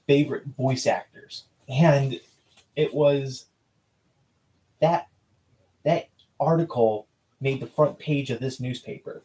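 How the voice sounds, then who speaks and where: A man's voice: medium pitch, dark tone, low-quality recording. A man telling personal stories in a casual, heartfelt way, rambling and restarting often and swearing now and then. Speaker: vlogger recalling school newspaper interviews.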